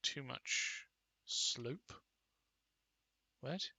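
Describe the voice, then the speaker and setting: A man's voice: mid-range voice, very slow, vocal fry, sharp tone, a little hiss or hum. A man giving casual commentary while playing a game, muttering to himself and getting mildly exasperated. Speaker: gaming video creator.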